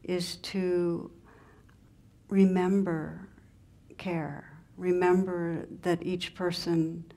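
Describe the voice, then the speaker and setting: Low, gravelly-voiced woman meditation teacher. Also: level tone. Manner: gentle, unhurried, in short pausing phrases. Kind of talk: spiritual talk with storytelling.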